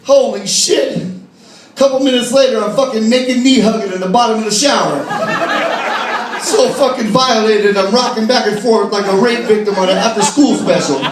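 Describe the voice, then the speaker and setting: A man doing a live stand-up routine on a bar stage, profane and animated, shouting his punchlines. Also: high voice, normal speed, very noisy. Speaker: stand-up comedian. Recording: echoey bar, distant mic, loud crowd laughter.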